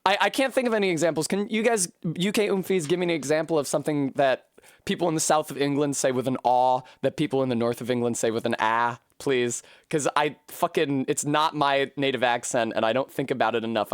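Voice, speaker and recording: A woman streaming a video game, talking casually and profanely, rambling between tangents and breaking into high yelps and shrieks when things go wrong. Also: brisk, no room sound, studio quality. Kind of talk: casual live-stream commentary while gaming.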